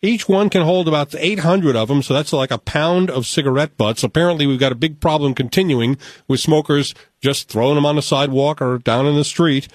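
A middle-aged man hosting a radio quiz show in a studio, brisk and joking as he reads questions to callers. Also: on the high side, no room sound.

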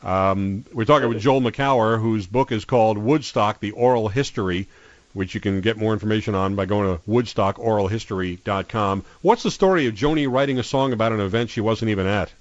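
A male radio host reads his lines fluently and smoothly, keeping the segment moving. The audio is dry and slightly muffled. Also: on the low side, a little fast, dry recording. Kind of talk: radio interview hosting.

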